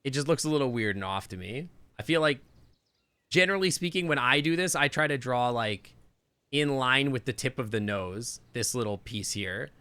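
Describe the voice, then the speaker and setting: A man with a Canadian accent chatting loosely through a live game stream, rambling and thinking out loud. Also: medium pitch, animated, normal speed, clear, resonant tone.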